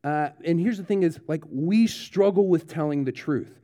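A male pastor with a fairly high yet mellow, warm voice tells a true story to the children in church. His delivery is animated and dramatic, building suspense before he turns the story to its lesson. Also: normal speed. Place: church service.

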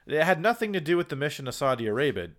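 A man co-hosting a casual podcast, retelling a movie's plot with lively, sarcastic commentary and acted-out quotes. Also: on the high side, very fast. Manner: animated storyteller, acts out quotes, sarcastic. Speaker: podcast co-host. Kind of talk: casual movie recap chat.

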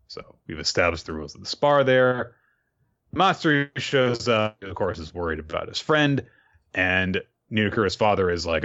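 A man with a fairly low voice talks through an episode recap in a loose, chatty way, chuckling at the scenes as he goes. The recording sounds dull and lo-fi. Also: animated, moderate pace, fairly bright tone. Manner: chatty, laughs while retelling scenes. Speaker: podcast host recapping an anime episode. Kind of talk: casual recap.

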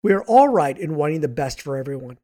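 A hoarse man with a raspy voice, hosting a podcast in an earnest, emphatic scripted motivational monologue. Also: fairly high pitch, very animated, fast talker, warm tone. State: hoarse from much speaking. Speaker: podcast host and author.

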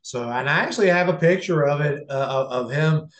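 A man's voice: fairly high pitch, a little fast. Rambling man telling stories, echoey room. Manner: rambling, restarts, acts out quotes. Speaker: guest, professional wrestler. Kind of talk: casual interview storytelling.

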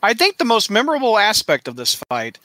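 High, lively man in casual chat. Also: a little fast, no room sound. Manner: chatty, laughs easily, asks questions. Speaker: podcast co-host.

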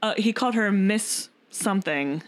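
A woman's voice: medium pitch, expressive, moderate pace. Woman, podcast host, casual chat, rambling, frequent laughter. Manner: rambling, laughing often, lots of fillers.

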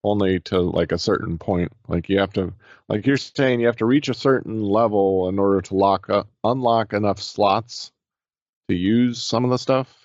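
A man's voice: fairly low pitch, moderate pace, darkish tone, dry recording, highs cut off. A man chatting casually as a podcast co-host, often hesitating and searching for words. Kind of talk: casual chat.

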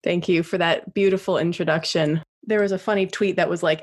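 A woman in her thirties co-hosting a podcast, chatty and animated in casual talk. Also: fairly low pitch, fairly quick. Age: 30s. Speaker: podcast co-host.

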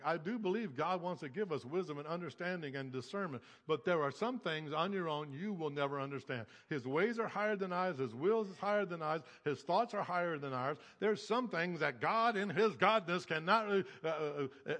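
High, bright-voiced preaching pastor. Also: male voice, animated, normal speed, few pauses, long reverb tail. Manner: emphatic preaching with repetition. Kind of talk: sermon.

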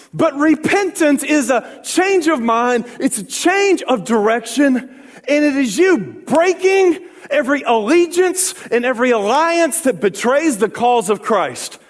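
A man preaching a sermon as pastor, calling for responses from the congregation and building to shouts. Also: very high voice, in a large hall. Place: church.

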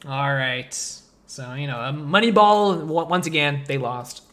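A man hosting a casual movie podcast, rambling with lots of fillers and getting animated as he talks. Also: on the high side, unhurried. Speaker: podcast host.

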